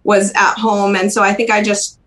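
Guesting on a podcast, a young adult woman shares memories from her life in a quiet, faltering way, with many pauses and false starts. She speaks at a medium pitch that barely moves, and the audio quality is poor.

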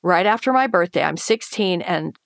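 Her fairly low, gravelly voice has lively intonation and normal speed as she relates a painful experience while an interview guest. She acts out her former thoughts and the voices of others in an earnest, emotional way, and the clean studio sound has no room noise.

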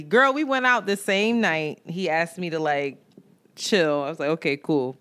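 A woman co-hosting a podcast, telling a dating story in casual, animated chat, swearing and acting out what people said. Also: on the low side, unhurried, smooth. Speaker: podcast co-host. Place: New York.

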